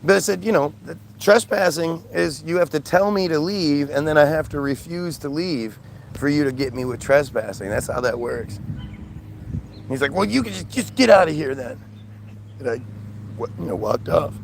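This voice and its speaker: A man with a slightly high, gravelly voice tells a rambling story to his live feed, exasperated and acting out the people he quotes. He is outdoors, and traffic hums faintly behind him. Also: normal speed. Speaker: streamer.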